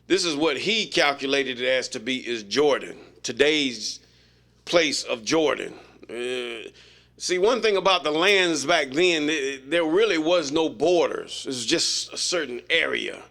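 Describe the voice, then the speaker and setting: A man's voice: medium pitch, animated, a little slow, creaky, fairly bright tone. A man leading an informal Bible study, reading verses aloud and then commenting on them in a folksy, emphatic way. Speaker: Bible teacher.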